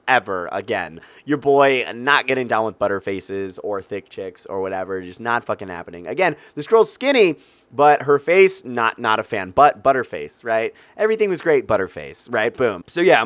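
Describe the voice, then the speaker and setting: A young man vlogging a personal story in a profane, animated way, with loud exasperated outbursts. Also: mid-range voice, clear, resonant tone, no echo. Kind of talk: storytelling vlog.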